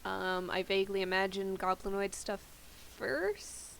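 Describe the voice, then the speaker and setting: A woman's voice: mid-range voice, unhurried, vocal fry, fairly bright tone, a little hiss or hum, poor audio. Woman planning a game session aloud. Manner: organizing, thinks aloud with fillers. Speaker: tabletop game player. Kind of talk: casual out-of-game planning chat.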